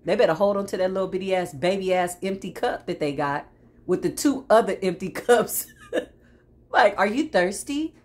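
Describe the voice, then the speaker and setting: A woman's voice: medium pitch, animated, moderate pace, a little mellow. A woman giving a tarot reading to her viewers, sassy and preachy, with frequent laughs and asides. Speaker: tarot reader. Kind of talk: spiritual tarot reading monologue.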